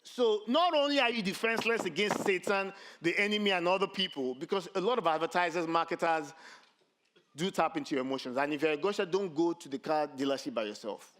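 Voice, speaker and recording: A middle-aged man, a pastor preaching a sermon with animated, self-mocking humor and a habit of saying "you see". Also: fairly high pitch, a little fast. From Nigeria.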